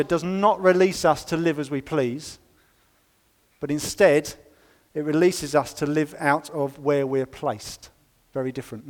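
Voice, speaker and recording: A man preaching to his congregation in a somewhat high voice, leaning hard on emphatic words before falling back to quiet, conversational asides. The sound carries a long reverb from the church hall around him. He mixes scripture reading with plain, wry commentary. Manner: emphatic, swinging between loud stresses and quiet asides. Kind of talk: sermon.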